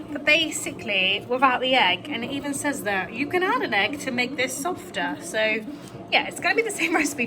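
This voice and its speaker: A British English-accented woman, a homemaker and vlogger, chats cheerfully and casually in a home cookery vlog from her home kitchen, laughing often. Her voice is a little high, with background noise.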